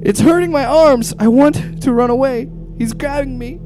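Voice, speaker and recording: A woman's voice: sits high, moderate pace, over music, voice pushed up, natural voice. A woman voicing a terrified five-year-old girl who pleads, whimpers and cries for help.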